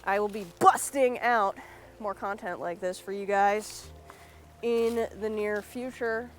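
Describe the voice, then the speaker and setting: A woman's voice: medium pitch, takes it slowly, slight background noise. An American woman giving blunt, sarcastic solo commentary as a vlogger, swearing freely.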